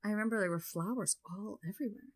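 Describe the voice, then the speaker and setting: A woman talking as a podcast guest in casual conversation, filling her speech with "like" and growing lively as she tells stories. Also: medium pitch, fast. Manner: chatty, filler-heavy, frequent "like"; grows loud and lively when telling stories.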